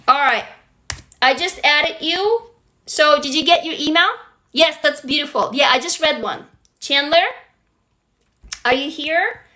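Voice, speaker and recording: A woman's voice: sits high, bright, forceful tone. A woman hosting a casual livestream, talking straight to her viewers, coaching them through writing prompts and gushing over each new arrival. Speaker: livestream host.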